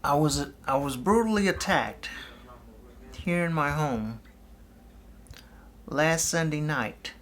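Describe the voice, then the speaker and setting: A middle-aged man speaking slowly and earnestly in a documentary interview, often halting and restarting. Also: on the high side, lively intonation, low-quality recording.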